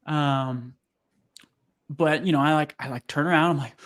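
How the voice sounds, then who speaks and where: A young man, a podcast guest, telling a personal story in casual conversation, acting out what people said in a raised voice. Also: moderate pace. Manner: animated, acts out quotes in high voices. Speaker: podcast guest, sales coach.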